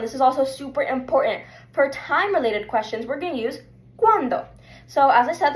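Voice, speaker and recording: A young woman teaching a Spanish lesson online, encouraging and patient, leading repeat-after-me drills. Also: high-pitched.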